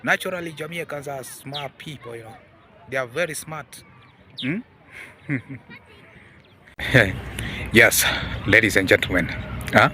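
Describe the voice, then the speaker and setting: A man's voice: medium pitch, animated, unhurried, long pauses, slight background noise. Man musing to his audience. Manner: repetitive, addresses audience as ladies and gentlemen; peppers talk with hmm and huh. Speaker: commentary channel host. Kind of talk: casual commentary monologue.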